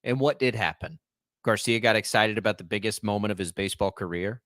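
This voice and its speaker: A man's voice: on the low side, fairly quick, a bit bright, dry recording, clean studio sound. A young man hosting sports talk radio, arguing emphatically and ranting about the game.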